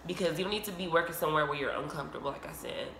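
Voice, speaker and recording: A woman's voice: low-pitched, very fast, vocal fry, roomy sound, very noisy. A woman telling a storytime in casual vlog talk, tearful and a little choked up, with many fillers. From United States. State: teary with a frog in her throat. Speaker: vlogger.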